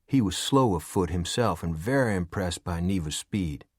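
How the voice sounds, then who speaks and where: A man reading an audiobook in an even storytelling manner. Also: low voice, normal speed, slightly rough, dry recording, clean studio sound. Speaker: audiobook narrator. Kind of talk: scripted narration.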